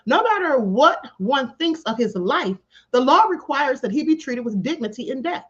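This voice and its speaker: High, lively woman streamer saying honey. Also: moderate pace. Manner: chatty, calls viewers honey, bursts into laughter. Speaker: live stream host. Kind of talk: reading news stories on a live stream. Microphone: home live stream setup. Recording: slightly dull lo-fi stream audio.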